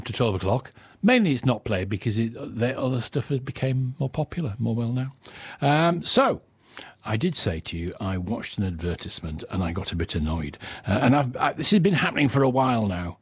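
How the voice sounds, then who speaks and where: A man's voice: medium pitch, slightly rough, no echo. An English man presenting on the radio, grumbling in a chatty, mock-indignant monologue. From England.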